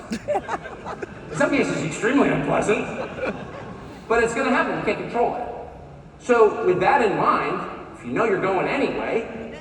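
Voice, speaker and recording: A high-pitched American man in his fifties mocks sarcastically during a live conference speech. The recording comes from far off in a large, echoey hall, with a faint crowd and slight background noise.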